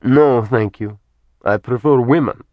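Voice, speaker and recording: A man's voice: medium pitch, unhurried, no echo, dull audio, natural voice. A man voicing a cruel, gloating male villain who taunts and mocks in an audiobook reading. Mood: mocking. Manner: mocking, taunting.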